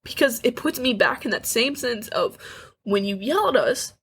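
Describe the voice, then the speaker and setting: An eighteen-year-old woman co-hosting a candid podcast, talking earnestly and haltingly, with frequent restarts and nervous little laughs. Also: fairly high pitch, expressive, a bit bright, husky. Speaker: podcast co-host.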